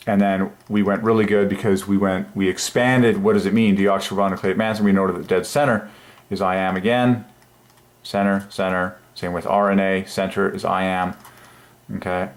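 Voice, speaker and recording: A man hosting his own channel, musing aloud at his computer in an enthusiastic, halting way with many fillers. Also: low-pitched, flat delivery. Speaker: channel host. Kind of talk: religious numerology screen talk.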